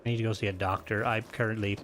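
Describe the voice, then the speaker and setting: A man's voice: lowish voice, level tone, very fast, fairly bright tone, a little hiss or hum. A male game streamer chatting casually and profanely with his viewers while he plays. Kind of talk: casual live-stream chat.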